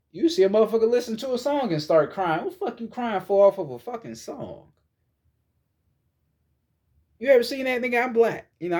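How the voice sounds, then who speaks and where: High-voiced man, profane spiritual rant. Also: darkish tone. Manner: blunt and profane, lecturing, repeats himself. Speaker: spiritual vlogger. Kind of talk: casual spiritual monologue.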